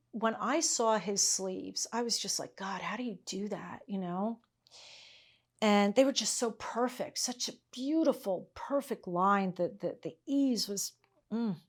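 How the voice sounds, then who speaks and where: A middle-aged woman teaching tailoring in her workshop, chatting casually, laughing often and checking in with "okay?" and "all right?". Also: mid-range voice. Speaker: tailoring instructor. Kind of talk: casual teaching chat with anecdotes.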